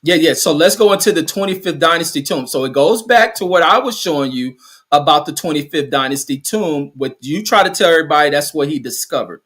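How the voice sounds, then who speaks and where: A man's voice: on the high side, expressive, a little fast, fairly bright tone. Blunt, profane man arguing heatedly. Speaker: host. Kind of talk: heated casual debate.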